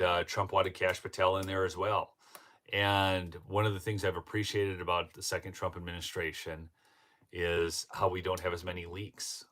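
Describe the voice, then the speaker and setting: A man from northern Minnesota hosts a casual commentary livestream in a deep, slightly bright voice. He rambles chattily with lots of fillers and restarts, breaking into laughter while telling stories.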